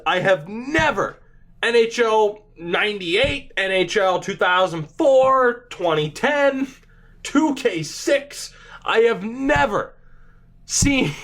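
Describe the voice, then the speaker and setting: A man commentating on a hockey video game, stunned and overexcited, swearing and laughing, his voice jumping high and refusing to come down. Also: fairly bright tone. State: overexcited, voice raised. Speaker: gaming YouTuber. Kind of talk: excited gameplay commentary.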